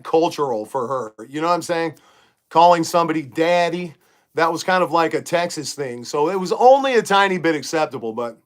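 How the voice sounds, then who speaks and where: A man's voice: on the high side, fairly bright tone. A middle-aged man hosting a casual livestream from his bedroom, talking emphatically and reading viewer comments aloud. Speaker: livestream host. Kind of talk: casual live-chat monologue.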